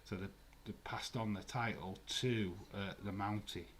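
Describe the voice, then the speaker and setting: A young man with a somewhat low voice hosts a live stream. He talks loosely and chattily, swears freely, and laughs while answering his viewers. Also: fairly even intonation, unhurried, fairly bright tone, a little hiss or hum. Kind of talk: casual live watch-along commentary.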